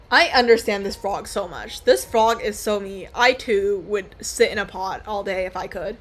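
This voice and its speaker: A woman's voice: mid-range voice, moderate pace, few pauses, fairly bright tone, a little hiss or hum. A woman in her twenties casually playing a game, reading its text aloud and giggling often. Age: 20s. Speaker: gaming streamer. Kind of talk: casual let's-play commentary.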